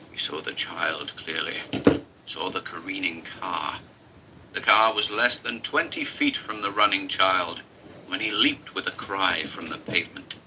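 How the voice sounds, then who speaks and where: A man with a fairly low voice reads a horror story aloud in an intense, dramatic way. His narration carries a clear hiss of background noise. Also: bright, forceful tone, low-quality recording. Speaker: story reader.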